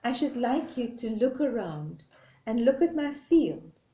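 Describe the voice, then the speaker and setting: A woman speaking as a gentle, patient God in a parable, her voice soft and slow, recorded in an echoey room. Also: a little high, very animated, dull audio. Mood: tender.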